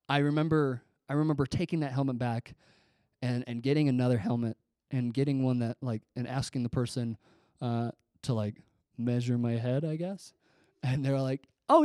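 A man's voice: medium pitch, dark tone, dry recording, clean studio sound. A young man giving a casual storytelling sermon, rambling and self-deprecating, with lots of fillers and restarts. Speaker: preacher.

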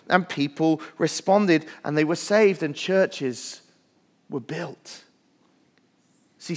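A man's voice: fairly high pitch, long reverb tail. A male pastor preaching a sermon in a church, earnest and building lists with rising emphasis. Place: church sanctuary.

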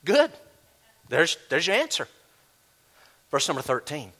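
A male pastor preaching a sermon, animated, acting out imagined voices as he teaches. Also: fairly high pitch, measured pace.

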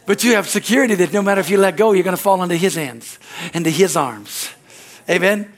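A man with a high-pitched voice preaches a sermon with fervent energy. He peppers his lines with amen and hallelujah and breaks into quick acted-out dialogues. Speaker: pastor.

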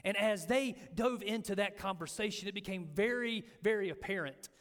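A man preaching a sermon as pastor, telling stories and acting out the quotes with lively energy. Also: high voice, moderate pace. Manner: animated storytelling, acting out quotes. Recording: echoey hall with long reverb.

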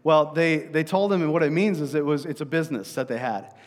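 A man's voice: on the high side, a little fast, in a large hall. A man preaching a sermon as pastor, telling stories in a conversational way with frequent fillers and restarts.

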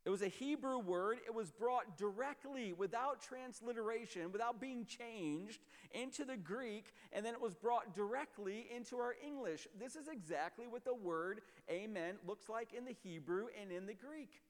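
A man preaching a sermon as a pastor, emphatic and explanatory, often dropping to a low, quiet voice. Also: lively intonation, normal speed, hardly any pauses, big-room sound.

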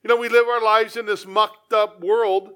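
A man's voice: high voice, level tone, moderate pace, bright, forceful tone, clean tone. A man preaching a sermon as pastor, earnest and conversational, with frequent asides to the congregation.

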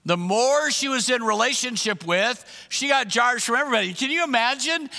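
Male pastor, sermon delivery, high and very bright voice, long reverb from a church hall. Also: a little fast, creaky, hardly any pauses. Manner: emphatic preaching, repeats questions, acts out voices of others.

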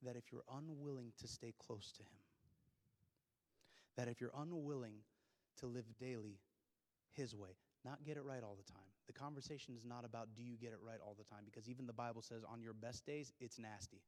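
Preacher in a reverberant hall. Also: male voice, mid-range voice, moderate pace. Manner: storytelling, swings from hushed to loud and excited. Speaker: pastor. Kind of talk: sermon.

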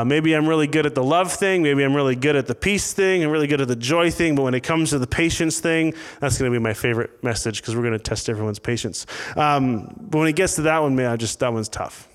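A man's voice: on the high side, smooth, big-room sound. A pastor delivering a conversational sermon, often restarting his sentences and acting out the prayers and the lines he quotes. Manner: conversational preaching with frequent restarts and acted quotes.

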